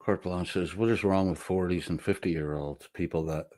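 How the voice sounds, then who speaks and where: A man's voice: low voice, fairly even intonation, moderate pace, a little mellow, no room sound. A middle-aged man rambling through an unprepared monologue as a livestream host, reading chat messages aloud with a profane, sardonic edge. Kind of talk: unscripted monologue, casual chat.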